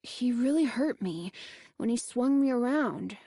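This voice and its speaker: A woman voicing an uneasy, reluctant boy in a spooky storybook audiobook, reading slowly and hesitantly. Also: a little high, lively intonation, mellow, breathy edge, no echo, clean studio sound. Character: twelve-year-old boy, nervous and reluctant.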